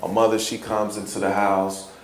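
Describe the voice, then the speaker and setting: A man from Chicago, a hip-hop poet, telling a personal story in an interview, earnest and halting, often repeating words and breaking into laughter. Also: fairly low pitch, flat delivery. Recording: roomy echo, faint ambience.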